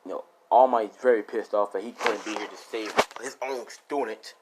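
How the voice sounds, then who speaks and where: A man's voice: lowish voice, normal speed, heavy background noise. A young man casually retelling a fan story in a rambling, profane way full of fillers.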